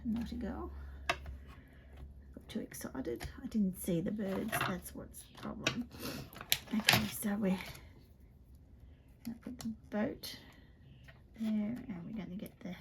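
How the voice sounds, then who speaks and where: A woman demonstrating card making in a chatty way, often dropping to a soft half-whisper as she works. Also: medium pitch, takes it slowly, pauses often, background noise. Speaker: papercraft demonstrator. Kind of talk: chatty craft tutorial.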